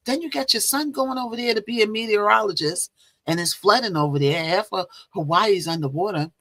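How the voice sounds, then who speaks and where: A woman's voice: mid-range voice, fairly quick, fairly bright tone, no echo. A woman hosting a casual live stream, chatting and repeating herself as she greets viewers. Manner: chatty, repeats phrases, talks to viewers directly. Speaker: livestream host.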